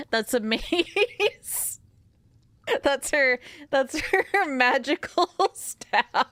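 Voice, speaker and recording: A woman's voice: high-pitched, animated, very slow, a bit bright, no echo. Sleepy, giggly woman streamer. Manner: rambling and giggly, talks to chat. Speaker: game streamer. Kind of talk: casual gameplay commentary.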